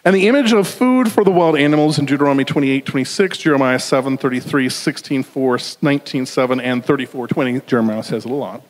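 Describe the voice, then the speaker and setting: A man with a Southern US accent preaching a conversational sermon with jokey asides, slowing down for emphasis. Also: medium pitch. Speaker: pastor. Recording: long hall reverb.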